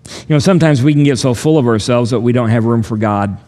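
Older pastor preaching in a reverberant hall. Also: male voice, mid-range voice, darkish tone. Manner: earnest, measured, slows down for emphasis. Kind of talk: sermon.

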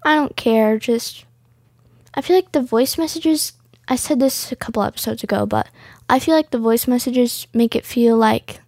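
A woman hosts her podcast in an easygoing, rambling way, leaning on "like" as she thinks aloud. Her voice sits fairly high and she takes her time. The sound is dry and close, with no room around it. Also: a little mellow, no echo. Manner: rambling, full of "like" fillers. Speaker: podcast host. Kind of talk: casual podcast chat.

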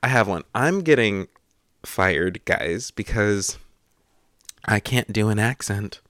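A man's voice: fairly low pitch, slow pace, no room sound, studio quality. A young man co-hosting a podcast, telling a story with a lot of laughing. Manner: animated storyteller, laughs often. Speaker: podcast co-host. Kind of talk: casual chat.

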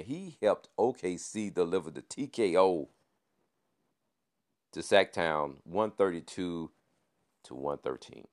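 Low-pitched and laid-back, a male podcast host delivers an easygoing rundown of news and sports, sprinkling in "man" and bits of playful wordplay.

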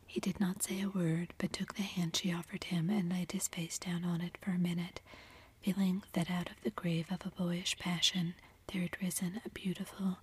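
Woman narrator, whispered story reading, soothing, low and monotone. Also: slightly rough. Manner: soft, slow, soothing.

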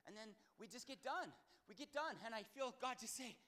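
A man preaching a sermon with personal stories, in a casual, slangy way, swinging from calm talk to shouting. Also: very high voice, brisk.

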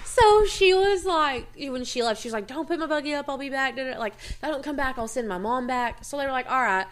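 A woman telling childhood stories in casual chat. She is animated, laughs often, swears freely and acts out what people said. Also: high-pitched, fairly quick. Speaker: host.

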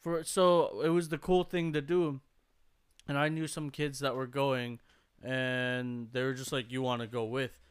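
A man's voice: medium pitch, flat delivery, measured pace, clear, resonant tone. A young man telling a story in casual podcast chat, swearing freely and acting out the voices of the people he quotes. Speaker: podcast co-host.

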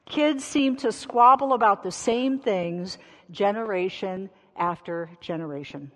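A woman's voice: medium pitch, unhurried. Woman pastor preaching in an echoing church. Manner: conversational, with rhetorical questions. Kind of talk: sermon. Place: church sanctuary. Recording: reverberant church sanctuary.

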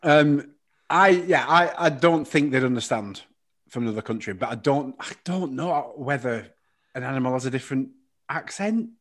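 A man's voice: expressive, moderate pace, a bit bright. A joking man with an English regional accent, chatting on a podcast. His voice swings up and down a lot as he talks, with plenty of laughter and playful tangents. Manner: jokey, slips into silly high put-on voices. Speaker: podcast co-host. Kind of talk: casual chat.

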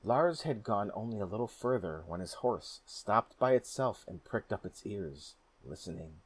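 A man narrating a folk tale in a steady, measured storybook reading. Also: fairly low pitch, husky, dry recording.

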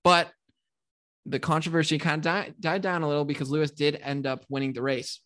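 A man co-hosting a podcast, telling a sports story in an animated, ranting way. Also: on the high side, fairly quick. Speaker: podcast co-host. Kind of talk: casual podcast chat.

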